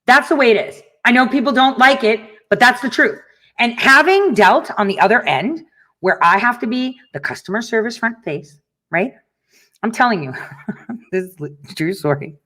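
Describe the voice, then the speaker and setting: Her voice is a little high and a bit bright, animated and delivered at a moderate pace. She's a middle-aged talk show host addressing listeners in a casual monologue, telling stories with laughs and ranting bluntly with plenty of swearing.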